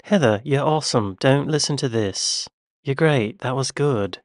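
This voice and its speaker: A man's voice: mid-range voice, measured pace, no echo. Joking American man reacting on camera. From United States. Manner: joking, talks straight to the camera. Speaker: reaction video host. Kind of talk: casual reaction commentary.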